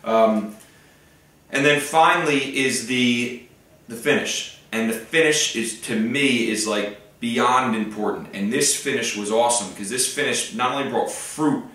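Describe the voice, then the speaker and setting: A man's voice: mid-range voice, unhurried, fairly bright tone, recorded from a distance. A man hosting a casual wine-tasting tutorial, explaining steps in an enthusiastic, chatty way with plenty of fillers. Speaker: wine host. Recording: roomy echo, off-mic.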